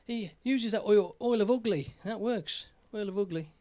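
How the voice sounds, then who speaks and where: Chatty British man, bit hoarse. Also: sits high, moderate pace, darkish tone. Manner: chatty, rambling, jokey. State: slightly hoarse from a cold. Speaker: live stream host. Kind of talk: casual live-stream chat.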